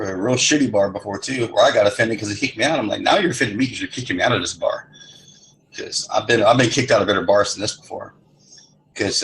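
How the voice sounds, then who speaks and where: A middle-aged man in a lobby chat tells rambling stories casually, swearing a lot. His voice is fairly low, and the rough recording carries slight background noise.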